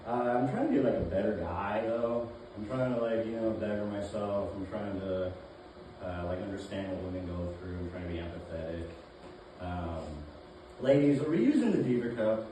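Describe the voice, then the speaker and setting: A man performing a deadpan stand-up set in a comedy club, halting with many fillers. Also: low voice, background noise. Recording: roomy club sound from a distance, audience laughter. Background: audience laughing.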